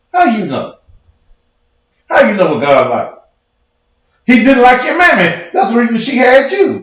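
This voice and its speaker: Combative male preacher-host, high lively voice, cussing rant in a very echoey room. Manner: profane, combative, mocking. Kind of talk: heated livestream rant.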